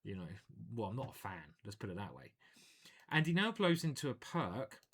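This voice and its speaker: Playful low-voiced man commentating chess. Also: moderate pace, breathy edge. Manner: animated, playful, thinking aloud. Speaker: chess grandmaster commentating his own games. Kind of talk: live chess commentary while playing.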